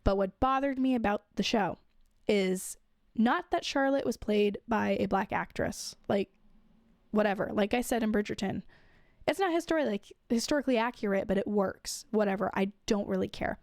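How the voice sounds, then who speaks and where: A woman casually giving her opinions on a TV show in a flat, dry tone, sounding a little worn from being sick, with frequent "um"s and "like"s. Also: medium pitch, moderate pace, dry recording. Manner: frequent fillers like "um" and "like". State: recovering from illness. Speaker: podcast host reviewing a TV show.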